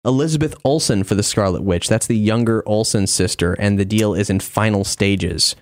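Male host of a fan podcast, relaxed news rundown, dry mic. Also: lowish voice, moderate pace, no room sound. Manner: geeky, laughs easily, reads news items. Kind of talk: casual chat.

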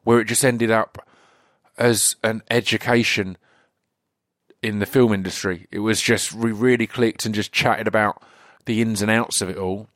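A man hosting a podcast, talking casually in a rambling solo intro with lots of fillers and restarts, his voice slightly croaky. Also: fairly low pitch, fairly even intonation, normal speed, a bit bright, dry recording, studio quality. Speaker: podcast host.

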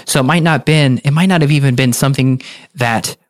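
A man's voice: medium pitch, fairly quick, no echo. A man, a functional medicine practitioner, speaking earnestly in a podcast interview and telling client stories in a coaching tone.

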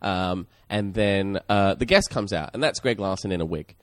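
A man's voice: deep voice, normal speed, no echo, studio quality. A man co-hosting a casual chat, retelling a comedy show with lots of energy and frequent laughter. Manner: animated storyteller, laughs often.

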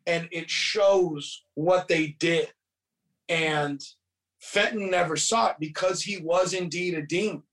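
A man's voice: on the high side, slow pace, fairly bright tone, distant mic. A man casually retelling a movie plot, profane and rambling, quoting characters as he goes. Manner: profane, rambling storytelling with quoted voices. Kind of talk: casual movie recap chat.

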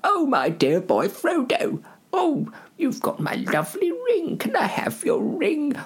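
A man's voice: very high-pitched, wildly swooping pitch, slow, pitched above the performer's own voice, heavily acted. A man voicing a doddering old male hobbit who fusses over and covets a magic ring, in a comic storytelling. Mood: doting.

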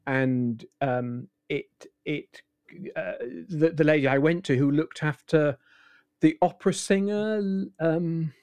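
A man in his sixties, an impressionist, telling anecdotes in a relaxed, rambling interview with many restarts. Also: a little high, slow, smooth, no room sound. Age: 60s. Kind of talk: casual interview chat.

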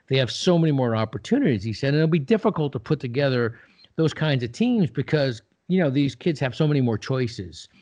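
Older male guest, animated storyteller, mid pitch, lo-fi podcast sound. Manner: animated storyteller, acts out quoted dialogue. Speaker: podcast guest, business leader. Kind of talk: casual interview storytelling. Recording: slightly dull lo-fi sound.

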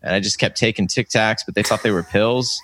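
A man's voice: lowish voice, fairly even intonation, fairly quick, fairly bright tone, a little hiss or hum. Rambling man telling comedy stories. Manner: rambling, self-interrupting anecdotes with many fillers. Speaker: comedian guest. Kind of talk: casual storytelling chat.

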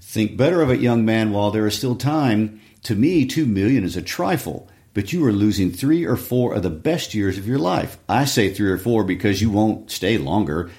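Man voicing a spoiled rich banker, deep voice, scornful, condescending. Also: animated, normal speed, few pauses, a little mellow. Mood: mocking. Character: spoiled, mocking wealthy male banker.

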